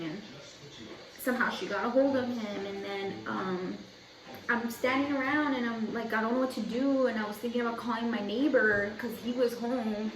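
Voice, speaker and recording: Young woman vlogger, fairly high voice, chatty rambling storyteller; roomy echo, mic set back from her. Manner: chatty, rambling, heavy use of "like". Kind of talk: casual storytelling. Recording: echoey room, mic at a distance.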